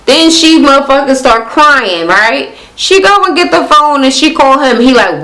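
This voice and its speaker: A woman's voice: lively intonation, moderate pace, few pauses, sharp tone, rough recording. Sassy, profane woman ranting a TV recap. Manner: sassy, profane, acts out cast members in high mocking voices. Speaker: reality TV recap vlogger. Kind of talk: casual recap rant.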